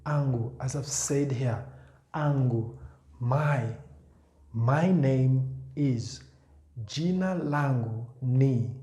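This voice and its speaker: Male tutor, slow and patient, mellow tone, reverberant room. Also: medium pitch. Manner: repeats words patiently, pointing at a board. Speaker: language teacher. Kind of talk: slow spoken language lesson. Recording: echoey room.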